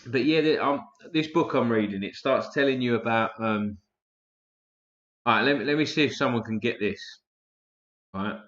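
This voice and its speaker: A man's voice: medium pitch, normal speed, pauses often, a bit bright. A man hosting a casual live stream, chatting loosely and swearing freely while tired and yawning. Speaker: livestream host. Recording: roomy, dull lo-fi stream audio.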